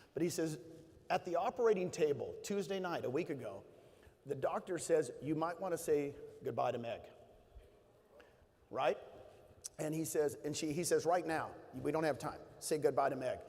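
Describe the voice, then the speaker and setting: A man's voice: fairly high pitch, moderate pace, gravelly, a little mellow. A man giving an emotional motivational talk to an audience, telling stories and building to emphatic bursts. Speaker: motivational speaker. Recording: long hall reverb.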